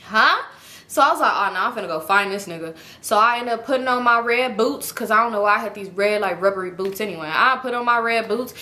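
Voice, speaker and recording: A young woman telling a story in a casual vlog, animated and swearing freely as she acts out both sides of the conversations. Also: medium pitch, quick pace, few pauses. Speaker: storytime vlogger.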